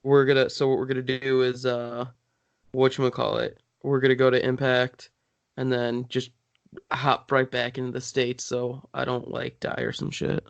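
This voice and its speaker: Gravelly dude, blunt and sweary, dry muffled lo-fi mic. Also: male voice, medium pitch, completely flat delivery, moderate pace, no echo. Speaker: wrestler and podcast co-host. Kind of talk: casual chat. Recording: dull dry lo-fi sound.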